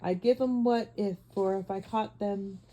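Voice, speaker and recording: Humble Cockney cab driver, deferential, homely, darkly mellow , read by a woman. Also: mid-range voice, measured pace, close to an everyday voice, poor audio. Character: humble working-class London cab driver, male.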